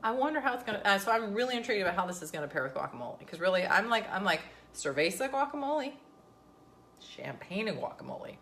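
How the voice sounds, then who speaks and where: A woman's voice: medium pitch, expressive, racing, vocal fry, hardly any pauses, a bit bright, a little hiss or hum. A woman, talking casually and sarcastically to camera as a vlogger. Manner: chatty, sarcastic, venting.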